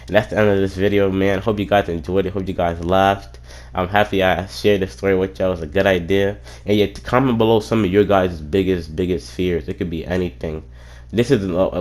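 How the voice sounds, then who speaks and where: Young male YouTuber, deep low voice, loose filler-heavy casual chat. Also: fairly even intonation, brisk, darkish tone. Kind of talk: casual storytelling vlog.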